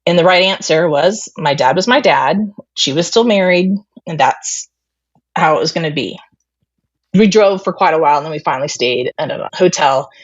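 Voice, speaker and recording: A woman's voice: sits low, expressive, normal speed, no echo, muffled recording. A woman guest candidly recounting a family story, retelling conversations with lots of fillers. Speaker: interview guest. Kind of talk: personal storytelling.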